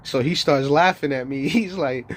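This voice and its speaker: Man, rambling streamer rant, profane and boastful, frequent laughter, slightly high voice. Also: moderate pace. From New York. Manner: boastful, profane, laughs often between lines. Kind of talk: rambling monologue.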